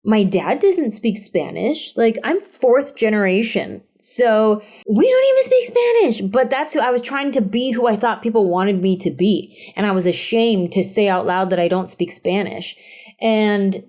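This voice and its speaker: An animated woman comedian in her thirties talks openly as an interview guest. Her voice sits at an ordinary middle pitch. She tells her stories with energy and slips into quick acted-out lines. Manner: candid, animated storyteller who acts out quotes. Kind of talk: casual interview chat.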